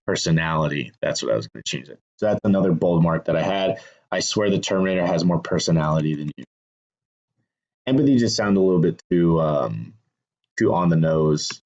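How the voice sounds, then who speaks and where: A man's voice: deep voice, lo-fi sound. A man explaining how he revises a screenplay in a casual, thinking-aloud way, with frequent restarts and fillers. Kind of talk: casual instructional talk.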